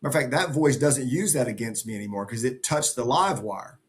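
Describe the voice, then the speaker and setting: A man's voice: medium pitch, a little fast. A middle-aged man speaking as a podcast guest, earnest and emphatic in a motivational way. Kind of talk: conversational interview.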